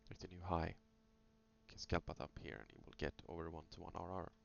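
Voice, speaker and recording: Very low gravelly man reviewing trades. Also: fairly even intonation, a little fast. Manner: thinking aloud, loose, with many fillers. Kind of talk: casual screen-recorded trading review. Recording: dull lo-fi sound with faint hum.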